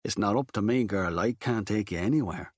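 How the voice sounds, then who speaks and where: A male narrator voicing a quiet working man who answers in a subdued, guarded way. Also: fairly low pitch, brisk, no echo, clean studio sound, lightly acted. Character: plain, quiet working man, coal merchant.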